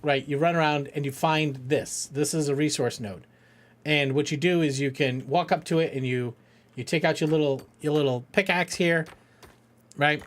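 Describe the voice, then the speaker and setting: Middle-aged guy on a charity game stream, kinda high voice, rambling and cursing, laughs a lot. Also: steady tone, moderate pace. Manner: rambling, jokey, swears freely, laughs often. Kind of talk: casual live-stream chat.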